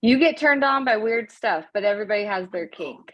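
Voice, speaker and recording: A woman's voice: medium pitch, animated, brisk, no room sound, dull audio. A woman in her thirties co-hosting a podcast, chatting casually and teasing her guests and co-host. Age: 30s. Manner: playful and teasing. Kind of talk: casual chat.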